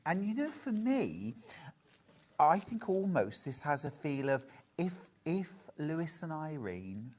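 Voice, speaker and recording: A woman's voice: low voice, big pitch swings, slow, a little mellow, slightly rough. A British woman co-presenting a live TV quilting sales show, chatty and gushing.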